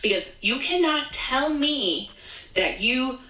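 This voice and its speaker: High bright woman ranting in an echoey room. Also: animated, slow. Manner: emphatic, indignant, repeating her points. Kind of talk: social media rant. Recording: echoey room, voice far from the mic.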